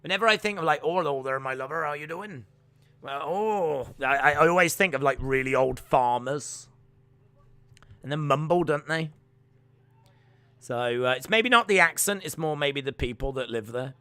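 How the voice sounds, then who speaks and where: A young man hosting a live watch-along stream, rambling chattily with viewers and calling the action in excited play-by-play. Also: on the high side, normal speed, clear, resonant tone, dry recording.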